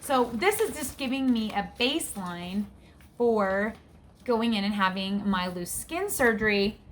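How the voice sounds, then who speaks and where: A woman's voice: medium pitch, expressive, measured pace, fairly bright tone, slight background noise. A woman in her forties vlogging in a casual, frank, chatty way, her breathing often audible. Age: 40s. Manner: chatty, frank, gets exasperated. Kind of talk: casual chat.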